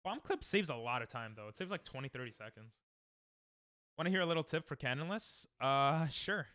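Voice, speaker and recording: Excitable young man streaming a game. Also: mid-range voice, brisk, no room sound, studio quality. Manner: excitable, joking, bursts of laughter and yelling. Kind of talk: casual gaming stream chat.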